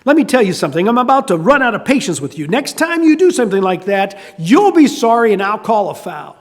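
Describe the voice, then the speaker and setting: Fed-up scolding referee, high animated voice, long hall reverb, as a preacher puts him on. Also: male voice, fairly quick. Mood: exasperated scolding. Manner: scolding, threatening. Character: exasperated male basketball referee, losing patience.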